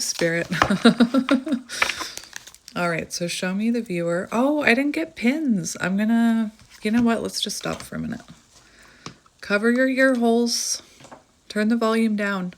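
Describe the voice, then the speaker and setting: A woman's voice: medium pitch, noisy background. A woman chatting casually as she gives a tarot reading, laughing often and thinking aloud. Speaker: tarot reader.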